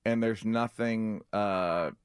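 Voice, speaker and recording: On a casual radio talk show, a male comedian guest tells stories with plenty of fillers, acting out the quotes as an animated storyteller. His voice is lowish, slow and smooth. The studio-quality sound has no echo.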